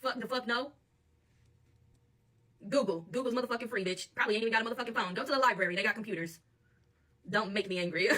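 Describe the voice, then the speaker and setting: Tarot reader, woman, AAVE, quick and sharp-toned, mic set back a bit. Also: on the high side, breathy edge, distant mic. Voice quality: blunt and profane, laughs often. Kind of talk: channeled tarot reading monologue.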